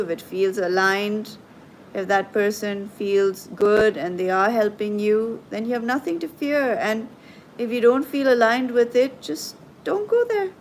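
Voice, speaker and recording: A woman hosting a live tarot and coaching stream, talking gently and reassuringly to her viewers as she reads their comments. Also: mid-range voice, slight background noise, low-quality recording. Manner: soothing, reassuring, slow and gentle.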